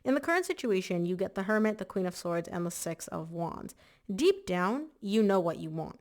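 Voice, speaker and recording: A woman giving a casual monthly tarot reading in a chatty, emphatic way, slightly hoarse and clearing her throat. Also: lowish voice, brisk. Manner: chatty, emphatic, repeats words for stress. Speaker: tarot reader.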